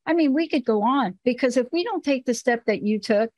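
A woman's voice: high-pitched, expressive, brisk, few pauses, darkish tone, no echo. A woman from the Bronx, hosting a show and telling candid personal stories with emphasis. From the Bronx, New York. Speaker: host. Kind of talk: casual talk-show conversation.

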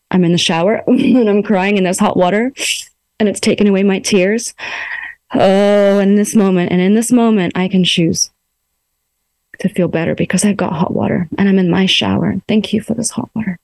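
A woman coaching listeners through emotions in a gentle, coaxing self-help talk, speaking her self-talk aloud from a room in her home. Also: mid-range voice, no room sound.

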